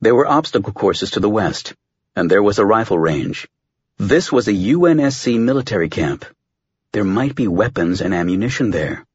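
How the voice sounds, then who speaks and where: Male narrator, husky tone, lively pitch, dramatic storytelling, dry close mic, dull audio. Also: normal speed, no room sound. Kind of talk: scripted narration.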